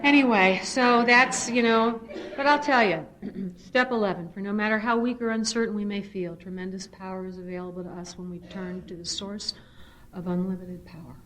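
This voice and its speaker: A middle-aged woman giving a personal testimony at a recovery meeting. She tells her story in an animated, earnest way and shifts into spiritual reflection. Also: moderate pace. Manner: animated storyteller, swings to high excited re-enactment. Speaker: speaker sharing at a recovery meeting.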